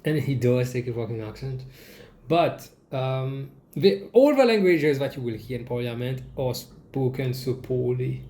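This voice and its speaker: A young Mauritian man with a Mauritian accent, giving casual comedic commentary in a sarcastic, swearing, animated way. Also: medium pitch, unhurried. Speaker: vlogger. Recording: echoey room.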